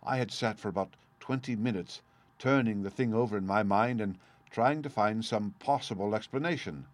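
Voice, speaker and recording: A man reading a first-person story aloud at a measured, steady pace. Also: lowish voice, no echo. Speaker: audiobook reader.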